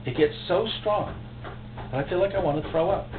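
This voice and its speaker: A man preaching a sermon as pastor, emotional and impassioned, with sudden loud outbursts. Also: high voice, fairly quick. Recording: echoey, tinny phone-like recording with faint hum.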